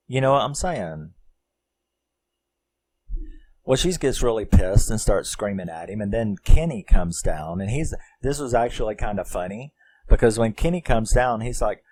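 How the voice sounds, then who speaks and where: A man's voice: fairly low pitch, expressive, moderate pace, darkish tone. A man reviewing a film in a casual, rambling way, often laughing and using lots of fillers.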